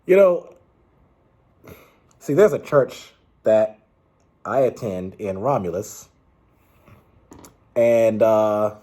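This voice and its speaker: A man's voice: lowish voice, animated, drawn-out words, pauses often, dark tone. A man giving casual, rambling political commentary, exasperated and restarting his sentences often.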